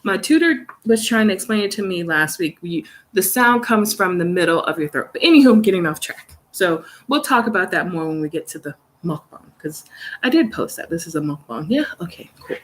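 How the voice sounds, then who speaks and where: A woman's voice: on the low side, expressive, brisk, a little hiss or hum. A young woman chatting casually on a phone live stream from her studio, rambling with fillers and easy laughs. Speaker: vlogger, English teacher in South Korea. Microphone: phone camera.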